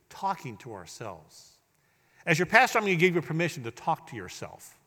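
A man's voice: on the high side, fairly bright tone. A man preaching a sermon as pastor, leading the congregation in repeating lines back to him. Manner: preaching, leads the congregation in call-and-response. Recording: echoey hall.

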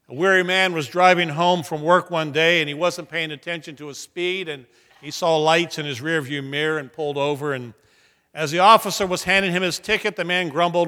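A middle-aged man, a senior pastor, preaching a sermon in a church sanctuary and shifting between soft and emphatic delivery. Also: a little high, steady tone, a little fast. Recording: long hall reverb.

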